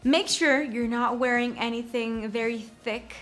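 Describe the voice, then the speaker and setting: Slow-talking young woman giving a how-to. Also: on the high side, fairly even intonation, soft background music. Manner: slow, repeats words and checks in with "okay?". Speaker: shapewear presenter. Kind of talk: casual how-to demonstration.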